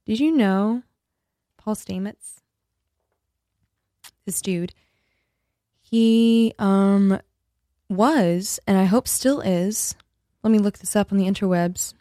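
A woman's voice: mid-range voice, slow pace, pauses often, dark tone, no echo. A woman hosting a radio show alone in the studio, rambling and joking, often losing her thread. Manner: rambling, jokey, self-interrupting. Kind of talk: rambling solo radio talk.

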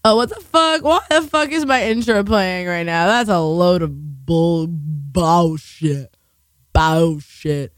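A woman's voice: medium pitch, normal speed, hardly any pauses, no room sound, clean studio sound. A young woman hosting a community radio talk show, rambling and swearing as she tells stories. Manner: profane, rambling, animated. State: tired.

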